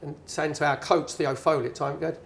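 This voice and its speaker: A middle-aged man tells a story to a room, chatty and lively, acting out the other voices as he goes. His voice sits a touch high for a man. A faint bar hum runs underneath. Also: a little fast, creaky. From England. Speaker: guest speaker, former footballer and pundit. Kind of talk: anecdotal storytelling on stage. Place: bar at a networking event.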